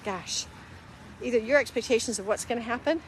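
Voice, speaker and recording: A woman's voice: a little high, fairly quick, slight background noise. A middle-aged woman hosting a casual live-stream talk, earnest and conversational, acting out little quoted exchanges as she goes. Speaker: host.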